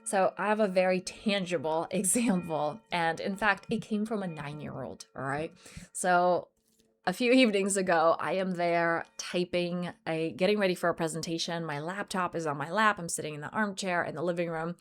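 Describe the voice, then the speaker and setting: A woman's voice: on the low side, moderate pace. A woman life coach telling a personal story in an earnest motivational talk, acting out bits of dialogue. English is not her first language.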